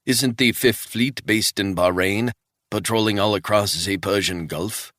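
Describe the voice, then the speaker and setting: A man voicing a wary, reluctant Swiss man who speaks quietly and doubtfully. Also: on the low side, measured pace, no room sound, studio quality, voice pushed up. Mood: uneasy.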